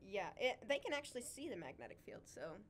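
A woman's voice: medium pitch, big pitch swings, a little fast, slight background noise. A woman co-hosting a casual chat, talking with chatty enthusiasm and frequent laughs. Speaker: podcast co-host, wildlife sanctuary keeper.

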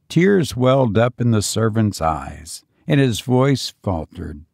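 A male narrator reads a classic story at an unhurried pace, his pitch rising and falling expressively. The recording is close and dry. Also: big pitch swings, a little mellow, slightly rough, dry recording.

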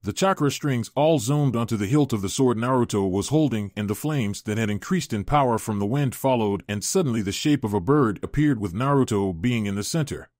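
A man reading fan fiction aloud in a steady, matter-of-fact way. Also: mid-range voice, no echo, studio quality. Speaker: narrator.

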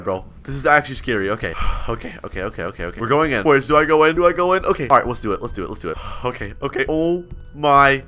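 Excitable bright-voiced man gaming. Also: medium pitch, fast. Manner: excitable, jittery, keeps repeating words. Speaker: Roblox YouTuber. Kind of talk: live role-play gameplay commentary.

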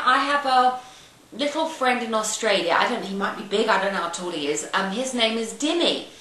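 A British woman hosting a casual tea-and-chat video, talking in an animated, gossipy way and sometimes slipping into silly put-on voices. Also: on the high side, echoey room, slight background noise, rough recording. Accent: British English. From Britain. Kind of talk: casual chatty monologue.

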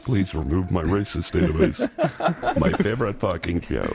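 A man voicing a lewd, deadpan male robot in improvised comedy role-play, talking in a flat robotic monotone. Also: sits low, normal speed, over loud music. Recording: loud background noise.

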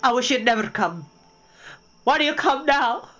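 A storytime reader voicing a bitter, weary middle-aged woman who cries out and scolds, raising the pitch high. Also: very animated, normal speed, fairly bright tone. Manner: shrill, tearful, scolding. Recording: dull lo-fi with faint music.

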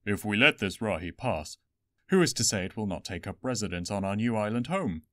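A man's voice: on the low side, animated, fairly quick, fairly bright tone, dry recording, studio quality. A man voicing a cautious earth warrior.

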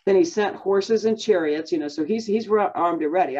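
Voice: mid-range voice, fairly quick, mellow, muffled recording. A Bible teacher giving a conversational lesson, talking in a chatty way with many fillers and self-restarts.

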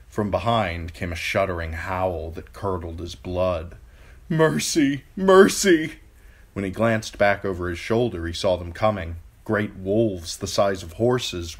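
A man reading a fantasy novel aloud as an amateur audiobook narrator, in a slow, deliberate way. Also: sits low. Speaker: audiobook reader.

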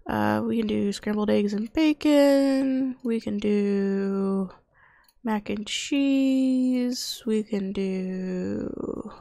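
A woman's voice: medium pitch, vocal fry, warm tone, dry recording. A young woman casually commenting on her video game as she plays, chatting to her characters and muttering to herself. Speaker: gaming youtuber. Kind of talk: casual let's-play commentary.

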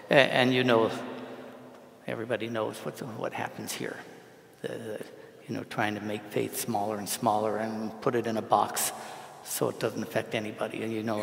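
A male priest delivers a loose, conversational homily, stopping to question his congregation and repeating words as he thinks aloud. His voice carries a gravelly texture. It sounds roomy, with the long reverb of a large church. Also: on the low side. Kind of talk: informal homily at Mass.

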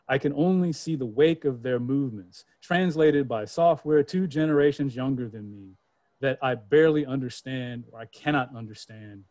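A man's voice: mid-range voice, darkish tone, dry recording. A man reading his speculative poetry aloud with dramatic, rhythmic delivery. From Georgia, US. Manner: dramatic, rhythmic recitation with character voices. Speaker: poet.

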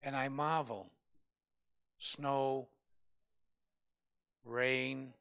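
A man's voice: mid-range voice, steady tone, extremely slow, gravelly, a bit bright, clear, resonant tone. A male pastor preaching a Bible study in a fervent, emphatic way, repeating phrases for stress.

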